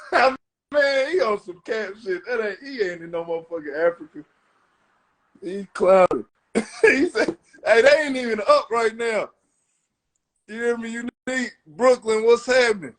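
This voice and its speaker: A man hosting a live podcast in a loose, slangy way, calling out viewers and friends. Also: high voice. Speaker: podcast host. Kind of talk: casual live-stream chat.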